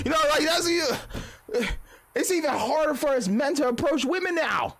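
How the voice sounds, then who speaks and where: A young man streaming live, talking in a loose, profanity-laced rant that wanders from point to point. His voice sits high for a man and swings widely up and down as he acts out what other people say. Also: lively intonation, moderate pace, creaky, fairly bright tone, slight background noise.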